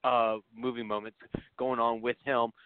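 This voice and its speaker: A man's voice: mid-range voice, little pitch movement, normal speed, clear, resonant tone, no room sound. A man co-hosting a podcast who argues his side of a film in a laid-back, joking way. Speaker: podcast co-host. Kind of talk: casual film discussion. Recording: dry, phone-like narrow audio.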